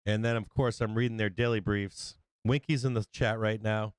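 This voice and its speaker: A man's voice: lowish voice, fairly even intonation, normal speed, smooth, no echo. Male stream host, loose profane rambler, clean dry close sound. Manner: rambling, swears a lot, acts out quotes. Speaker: livestream trading host. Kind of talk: casual profane chat.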